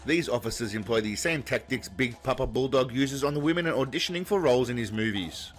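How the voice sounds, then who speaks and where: A man's voice: medium pitch, fairly quick, music in the background. Sarcastic man narrating a roast. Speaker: comedy narrator. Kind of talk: mocking commentary voice-over.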